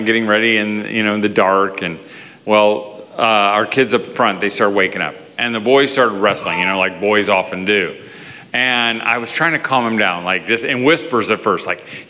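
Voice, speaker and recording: A middle-aged man telling a family story in a sermon, animated, his voice climbing high when he gets worked up. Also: in a large hall. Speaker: speaker at church.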